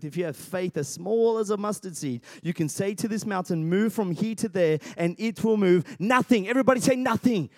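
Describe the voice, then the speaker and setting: A man whose voice sits high gives a sermon with plenty of energy, acting out biblical voices and addressing the congregation directly. It's studio quality, free of any room sound.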